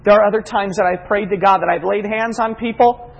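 A pastor preaching a sermon, telling a personal story earnestly, moving from hushed reflection to impassioned prayer. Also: male voice, sits high, fairly even intonation, a little fast, creaky, big-room sound, highs cut off.

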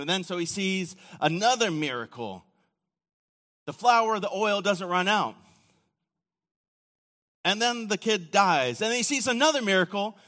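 A man preaching a sermon, telling the story casually with acted quotes, often dropping to a quiet, low voice. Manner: casual storytelling with acted quotes and sudden drops to near-whisper. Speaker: pastor. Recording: long hall reverb.

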